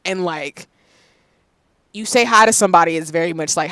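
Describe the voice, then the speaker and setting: A woman from Tennessee with a light Southern accent, chatting casually with stream viewers, animated and laughing often. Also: lowish voice, moderate pace, no room sound, low-quality recording. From Southern United States, Tennessee.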